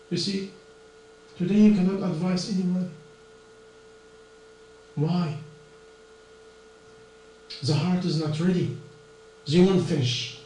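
High-voiced preacher in an echoey hall. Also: male voice, slow pace, pauses often, dark tone. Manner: earnest, non-native English with plain grammar slips. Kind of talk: sermon. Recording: echoey distant room recording with mains hum.

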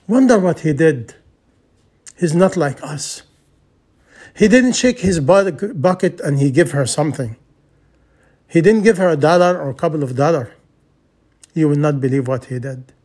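A man's voice: a little high, animated, normal speed, long pauses, a little mellow, husky. A man preaching a sermon as a story, earnest and repetitive, in broken English.

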